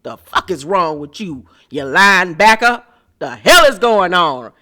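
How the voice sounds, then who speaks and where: A woman putting on a loud, cussing older woman elder. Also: on the low side, sing-song, a little slow, heavily acted. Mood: scolding. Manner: loud, profane, scolding. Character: older woman elder scolding rowdy younger women.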